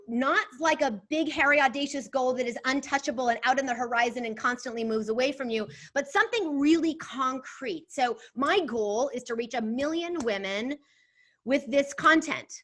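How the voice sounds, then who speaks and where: A woman leading a live online workshop, speaking energetically and expressively while reading out the chat. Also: on the high side. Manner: animated, expressive, reads chat aloud.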